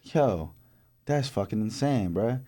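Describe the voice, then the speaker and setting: A young man co-hosting a podcast, telling stories in a casual, profane, animated way with frequent laughs. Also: lowish voice, slow pace. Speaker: podcast co-host. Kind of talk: casual chat.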